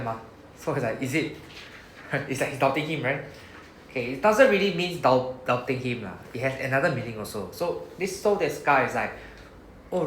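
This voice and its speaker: Teaching a Japanese class, a Singaporean-accented man speaks in a mid-range, somewhat bright voice. He's patient in his explanations and frequently asks "right?" to confirm understanding, with faint noise and echo from the classroom.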